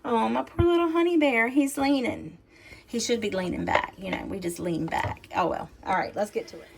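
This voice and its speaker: A woman hosts a casual cooking demonstration in her home kitchen, chatting in a folksy way directly to her viewers. Her fairly high voice is creaky and moderately paced, and the very noisy recording is filled with the clatter of dishes and utensils.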